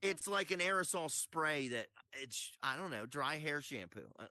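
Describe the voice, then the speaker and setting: A man doing stand-up as the host of a comedy night, his voice bright and forceful, sitting a little high. He rambles through his stories and keeps breaking into laughter at them. The sound is close and dry, with no room around it. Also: lively intonation, normal speed, no room sound.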